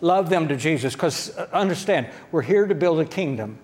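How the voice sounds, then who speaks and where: Speaking with a slightly high, expressive voice and a somewhat dark tone, this pastor moves at a moderate pace through his sermon. Long reverb fills the church hall as he talks plainly and folksily, often checking in with the congregation.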